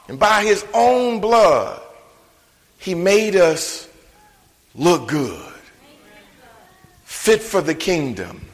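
A man preaching a sermon in church, emphatic, swinging between shouted lines and hushed ones. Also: high-pitched. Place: church sanctuary. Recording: long hall reverb.

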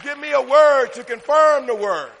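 At normal speed and with some vocal fry, a pastor with a high voice works his congregation through call-and-response and builds to shouting. His sermon rings out in a church sanctuary with long, hanging reverb.

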